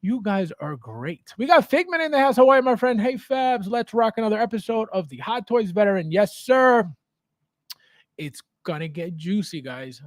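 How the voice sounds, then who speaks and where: A man hosting a casual livestream from his basement, his voice pitched high and swinging widely up and down. He greets viewers by name and reads their chat aloud, laughing often. The sound is dry and close. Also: big pitch swings, normal speed, dry recording. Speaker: livestream host. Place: home basement.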